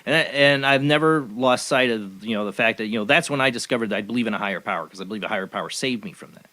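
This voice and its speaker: A man's voice: fairly low pitch, very fast, sharp tone. A man hosting a talk show, speaking earnestly in casual chat and rambling through his thoughts with many fillers. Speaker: host.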